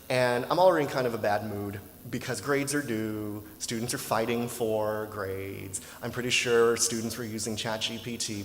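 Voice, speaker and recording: Man, minister, sermon, conversational, roomy reverb, faint background hum. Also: medium pitch. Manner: conversational, animated storyteller, asks rhetorical questions. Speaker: minister giving a dharma talk. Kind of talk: sermon with personal story. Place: temple hall. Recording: roomy hall echo with faint ambience.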